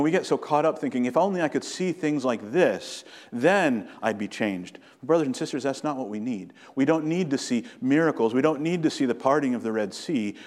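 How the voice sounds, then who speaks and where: Male pastor, earnest sermon delivery, mid voice, long church reverb. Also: mid-range voice. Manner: earnest preaching, slowing and rising for emphasis.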